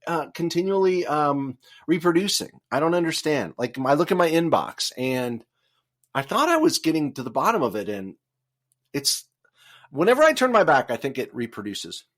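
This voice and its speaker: A man's voice: a little high, big pitch swings, moderate pace, a bit bright. A man, a guest author, talking casually in a podcast interview, wandering through his thoughts with frequent fillers and restarts. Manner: rambling with many fillers and restarts.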